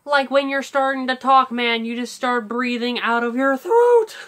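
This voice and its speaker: A man doing a cartoon voice impression of a lanky, easygoing, cowardly young man who is always hungry, with a raspy, breathy throat voice that drawls "like" and "man". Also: very high-pitched, unhurried, sharp tone, pitched above the performer's own voice, heavily acted. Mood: chatty. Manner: drawling "like" and "man", breaking into wheezy laughs.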